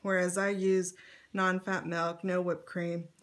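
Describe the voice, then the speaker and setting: A woman's voice: fairly low pitch, level tone, a little slow. A middle-aged woman chatting casually as she pages through her scrapbook, with lots of fillers and light laughs. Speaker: scrapbook vlogger. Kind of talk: casual show-and-tell narration.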